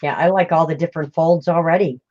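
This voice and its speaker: A woman's voice: low-pitched, fairly even intonation, quick pace, a little mellow, highs cut off, a little hiss or hum. Playful woman chatting over crafts. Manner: playful, laughing, teasing. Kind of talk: casual crafting chat.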